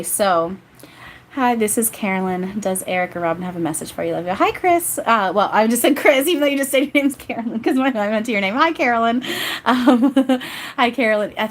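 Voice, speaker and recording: A chatty woman medium giving a casual livestream reading, rambling and giggling as she goes. Her pitch sits in the middle of the range. A faint hiss of noise runs under her voice. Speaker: psychic medium.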